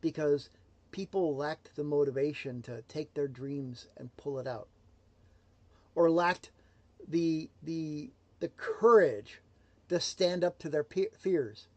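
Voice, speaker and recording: A man giving a motivational livestream talk, emphatic and swinging between loud declarations and hushed asides. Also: a little high, slow pace, no room sound, lo-fi sound. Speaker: motivational speaker.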